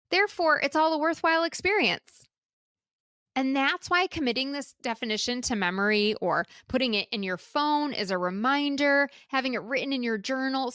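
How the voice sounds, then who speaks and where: A woman host in midlife, speaking to listeners on her own podcast, chatty and encouraging. She often asks her audience rhetorical questions. Her voice sits a little high, and the recording is close and dry with no room sound. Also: fairly bright tone, dry recording. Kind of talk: solo podcast talk.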